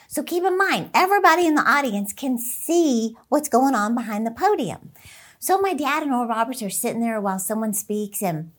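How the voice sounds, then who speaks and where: A middle-aged woman hosting a motivational talk, an excitable storyteller who laughs often. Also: a little high. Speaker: inspirational speaker and channel host.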